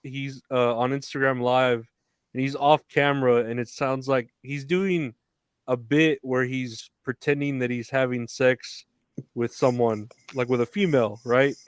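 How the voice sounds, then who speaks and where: A man's voice: medium pitch, steady tone, measured pace, smooth, no room sound. A man co-hosting a podcast in casual chat, joking and laughing often. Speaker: podcast co-host.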